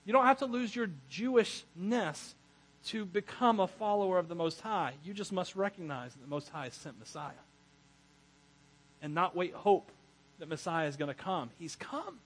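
Male pastor, higher-pitched and husky, preaching a chatty, laughing sermon full of asides. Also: normal speed, rough recording. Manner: animated, laughs often, self-correcting asides.

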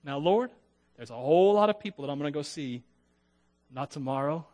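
A man preaching a sermon, conversational and lively, acting out the voices of the people in his text and joking with his listeners. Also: on the high side, fairly quick. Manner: animated, acts out biblical voices. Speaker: pastor.

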